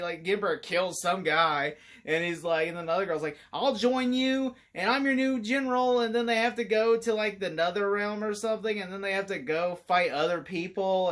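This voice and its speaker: A man talks through a movie review in a loose, rambling way, with a bright, ringing voice. He gets animated and keeps breaking into laughter as he goes. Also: sits high. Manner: animated, laughs often while talking.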